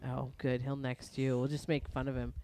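A woman's voice: rumbling low, level tone, moderate pace, mellow. A woman co-hosting a crude casual chat podcast, blunt and teasing, laughing often. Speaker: podcast co-host. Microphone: home microphone on a stand.

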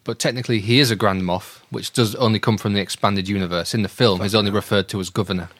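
A man's voice: fairly low pitch, fairly even intonation, fast, a bit bright, no room sound. Man hosting a quiz. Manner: explanatory, teasing. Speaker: quiz host. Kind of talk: casual podcast quiz.

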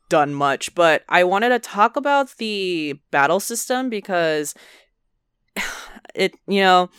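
A woman's voice: lowish voice, fairly bright tone, smooth, no room sound, clean studio sound. A young woman co-hosting a casual gaming chat, easygoing and laughing along. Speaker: podcast co-host. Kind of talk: casual chat about video games.

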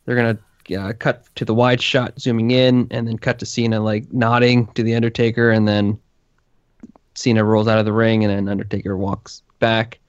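A man's voice: fairly low pitch, flat delivery, normal speed, smooth, no room sound. A man co-hosting a casual podcast, jokingly laying out predictions step by step. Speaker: podcast co-host. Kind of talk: casual chat. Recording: dry, dull lo-fi sound.

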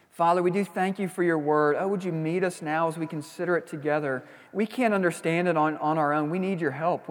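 A man's voice: a little high, big-room sound. A man preaching a sermon as a pastor, reading scripture, praying and teaching in a conversational way with frequent asides.

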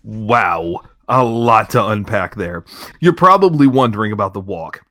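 A man co-hosting a comedy podcast, hamming up mock announcer lines between laughs. His pitch swings widely and the sound is close and dry, with no room in it. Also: lively intonation, measured pace, sharp tone, dry recording. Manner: jokey, laughs often, mock announcer delivery. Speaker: podcast co-host.

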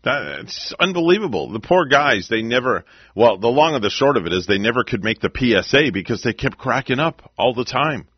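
A man's voice: medium pitch, expressive, fairly quick, slightly rough, no echo, muffled recording. A man hosting a morning radio show, chatting casually with a rambling, easygoing manner. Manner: chatty, rambling, laughs along with clips.

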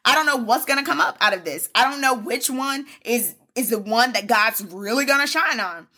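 A woman's voice: a little high, normal speed, bright, forceful tone. A woman hosting a solo devotional podcast, preaching fervently in a repetitive cadence and calling listeners "baby" and "y'all". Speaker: podcast host.

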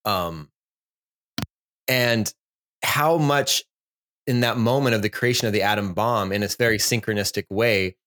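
Forties male co-host, relaxed and reflective, talks through big ideas. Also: lowish voice, a little slow, pauses often. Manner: reflective, musing on psychology and myth. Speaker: podcast co-host. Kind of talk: casual podcast chat.

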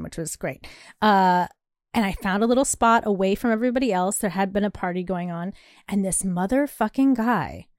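A woman's voice: medium pitch, no room sound, clean studio sound. A woman co-hosting a podcast, telling a story casually, laughing often and acting out what people said. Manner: animated storytelling, laughs often, acts out quotes. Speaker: podcast co-host. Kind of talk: casual chat. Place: Brooklyn apartment.

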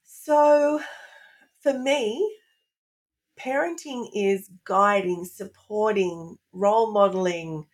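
A woman's voice: mid-range voice, slow pace. A middle-aged woman, a parenting expert guest on a podcast, speaking earnestly in lists and repetitions. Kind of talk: podcast interview.

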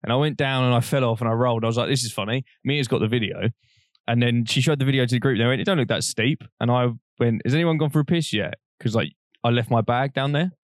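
A man's voice: medium pitch, quick pace, dry recording, studio quality. A young man, co-hosting a podcast and telling a long, rambling story in casual chat, laughing often and swearing freely. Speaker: podcast co-host.

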